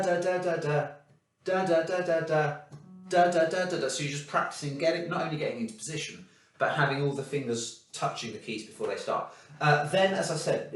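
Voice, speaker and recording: A man's voice: medium pitch, fairly bright tone. A man teaching piano, talking through practice tips and singing little "da" rhythms to demonstrate. His voice sits back from the microphone in a very echoey room, with piano playing heard behind him. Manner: encouraging, demonstrative, sings rhythms as "da". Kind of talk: recorded practice feedback. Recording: very echoey room, mic far off.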